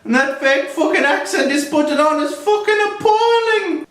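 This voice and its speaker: A foul-mouthed Scotsman rants at full tilt, as a man puts him on. The voice jumps far above normal speech and rings off a roomy space. It sounds loud and a bit off-mic. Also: lively intonation, normal speed. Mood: indignant. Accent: put-on Scottish. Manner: loud, swearing, high-pitched rant.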